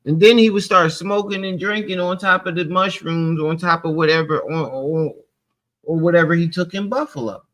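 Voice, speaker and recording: A male commentary host with a raised pitch. He talks bluntly and mocks the clip, interrupting it with sharp remarks. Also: moderate pace. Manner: mocking, blunt. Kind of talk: reaction commentary.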